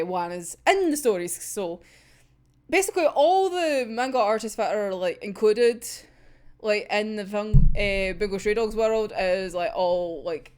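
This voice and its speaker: A woman's voice: mid-range voice, a little mellow. A young woman chatting casually about manga, rambling, swearing freely and giggling often. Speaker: manga reviewer. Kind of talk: casual chat.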